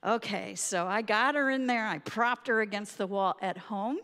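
Lively woman telling a funny personal story, pokes fun at herself, echoey hall. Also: medium pitch, moderate pace. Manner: lively, self-mocking, laughs often.

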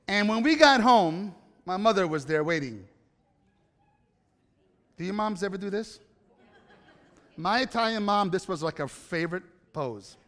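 A man's voice: high-pitched, expressive, unhurried, long pauses, a bit bright. A man telling a personal story to a live audience in a chatty way, often turning to ask the listeners questions. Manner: conversational, asks the audience questions. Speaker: speaker addressing an audience. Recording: reverberant hall.

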